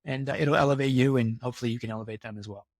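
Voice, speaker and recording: A man in his own plain voice, speaking at a middle pitch for a man. He talks earnestly and with a motivational push, often repeating a point to drive it home. The sound is dry and close, with no room around it. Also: steady tone, very fast, no echo. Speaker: podcast guest. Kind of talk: casual interview talk.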